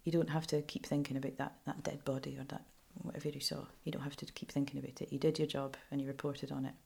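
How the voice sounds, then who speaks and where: Low-voiced Scottish woman journalist. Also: fast talker, creaky. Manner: animated and frank, laughs often. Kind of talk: candid interview storytelling.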